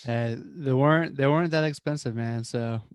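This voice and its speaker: A man co-hosting a casual sports podcast, speaking calmly in short, measured remarks. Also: medium pitch, smooth, no echo. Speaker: podcast co-host.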